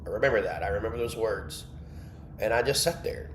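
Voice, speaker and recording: A man's voice: on the low side, a little fast, roomy sound, noisy background. A man hosting an online Bible study, candidly sharing an emotional personal testimony and breaking off to answer his live chat.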